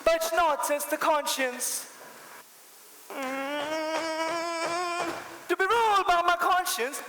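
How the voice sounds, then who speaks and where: A young man playing a comic young servant in a stage play, debating with himself aloud in drawn-out comic delivery. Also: very high voice, sharp tone, slight background noise, heavily acted. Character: comic young male servant, jittery clown. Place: large school hall, stage. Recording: echoey large hall with long reverb.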